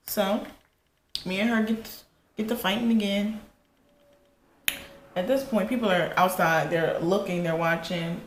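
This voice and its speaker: A woman vlogger casually telling a personal story while getting ready, animated and profane, acting out quotes. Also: a little slow, pauses often, slight background noise. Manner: animated, profane, retells quotes with rising pitch. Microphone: camera in front. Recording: echoey room with faint ambience.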